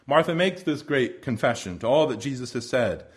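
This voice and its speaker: A pastor preaching a sermon expressively, moving between soft hushed lines and loud proclamations. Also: male voice, medium pitch, animated, moderate pace, few pauses, breathy edge.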